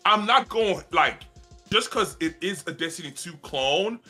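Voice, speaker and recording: A man co-hosting a gaming podcast, talking in a rambling, animated way among friends. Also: high-pitched, measured pace, faint music behind. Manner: rambling, animated, restarts sentences. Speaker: podcast co-host. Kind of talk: casual chat among friends.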